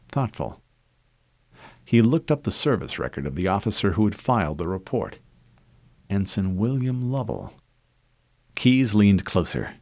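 A man giving a measured, scripted audiobook narration, in a dull, dry recording. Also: on the low side, a little mellow, dry recording.

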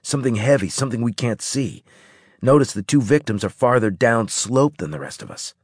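A man's voice: mid-range voice, expressive, brisk, breathy edge, dry recording, studio quality. A man voicing a wary, sardonic male squad specialist in an audiobook.

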